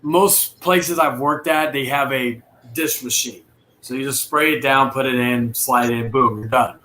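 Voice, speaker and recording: A man with a bright, forceful voice talks casually about his work and life, wandering through his thoughts with restarts and fillers. A faint hiss of background noise sits under his voice. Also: mid-range voice, fairly even intonation, a little slow. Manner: rambling, many restarts and fillers. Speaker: dishwasher and cook. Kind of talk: casual chat on a live stream.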